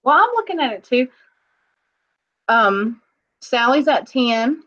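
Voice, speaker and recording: A woman's voice: on the high side, lively intonation, slow, a bit bright, lo-fi sound. A woman co-hosting a casual live-stream jewelry auction, chatting and laughing as she reads viewers' comments. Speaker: online auction co-host.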